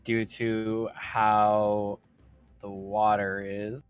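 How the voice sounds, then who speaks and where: A man running a tabletop game as game master, thinking aloud in an unhurried way. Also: lowish voice, completely flat delivery, clean tone, no room sound, dull audio, soft background music.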